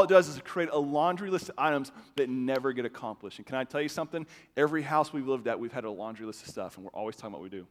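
A man preaching a sermon to his congregation, talking in a loose, conversational way with quick restarts. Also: mid-range voice. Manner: conversational, animated, with stammered restarts. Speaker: pastor. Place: church sanctuary. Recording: long hall reverb.

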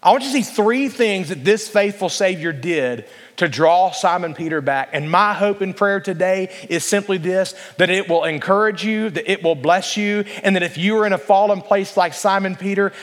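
Man, pastor, high-pitched, earnest sermon, prompts congregation responses, long echoing hall reverb. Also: a bit bright. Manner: earnest preaching, slows down to read scripture aloud, asks the congregation to respond.

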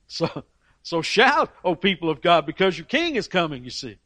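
A man's voice: a little high, big pitch swings, moderate pace, pushed and bright, dry recording. A man preaching a sermon, emphatic, reading scripture aloud and briefly acting out the voices of people in the story. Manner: emphatic, voices characters in Bible stories.

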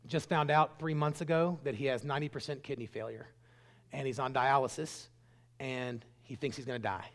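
A middle-aged man preaching a sermon, telling stories earnestly and swinging between loud bursts and hushed lines. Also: medium pitch, fairly even intonation, a little fast. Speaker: pastor.

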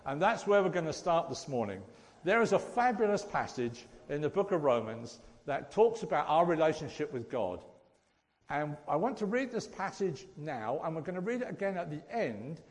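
A man's voice: on the high side, in a large hall. A man giving a chatty, joking church talk and addressing the congregation directly as lay preacher. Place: church hall.

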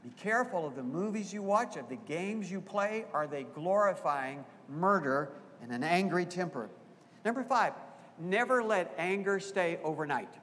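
A man's voice: sits high, animated, moderate pace, fairly bright tone. A man preaching a sermon as pastor, emphatic and repeating key phrases, often putting questions to the congregation. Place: church sanctuary. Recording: long hall reverb.

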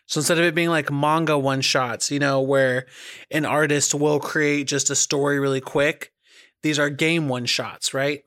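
A man's voice: fairly high pitch, steady tone, moderate pace, a bit bright, no room sound, studio quality. A man in casual chat, talking with energy and steering the conversation.

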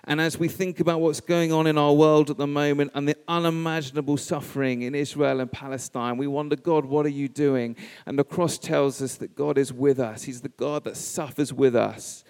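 A man's voice: fairly high pitch, steady tone, clean tone. Man preaching in a reverberant hall. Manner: measured, emphatic phrasing with pauses. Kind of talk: sermon.

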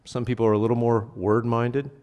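The audio is dull and the hall reverberant as a man with a mid-range, darkish voice preaches briskly and flatly. As pastor, he keeps the sermon casual and conversational, checking in with questions to the congregation and punching key words emphatically.

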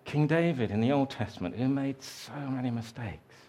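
A man preaching a sermon, telling a story slowly and reflectively, raising his voice for the quoted lines. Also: medium pitch, animated, dark tone.

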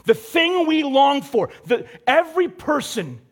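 Slow-talking high-voiced male pastor. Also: sing-song. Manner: conversational, acts out characters in quotes. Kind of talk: casual sermon.

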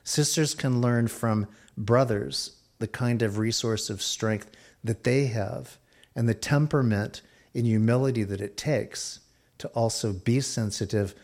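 A man preaching a sermon, expressive, shifting his pace and dropping softer for quoted lines. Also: mid-range voice. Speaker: pastor.

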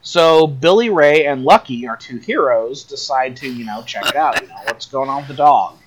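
A man's voice: mid-range voice, expressive, normal speed, slightly rough. A man co-hosting a podcast, telling a story in a rambling way with lots of fillers. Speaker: podcast co-host. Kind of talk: casual chat.

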